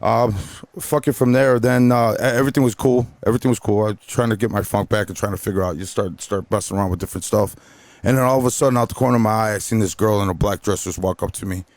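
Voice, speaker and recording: A man from Chicago telling a story on a podcast in an animated, profane way, full of "bro" and "you know". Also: fairly low pitch, fast talker, no room sound. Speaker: DJ guest.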